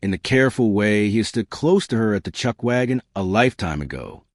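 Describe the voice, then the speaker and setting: A man narrating a scripted western story in a measured, unhurried way. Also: lowish voice, big pitch swings, dry recording, studio quality.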